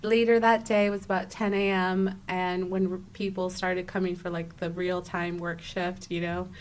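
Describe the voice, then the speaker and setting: A young adult woman, a podcast guest, telling a personal story in a casual interview, animated and acting out her own exclamations, with frequent restarts. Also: on the low side, normal speed, slight background noise.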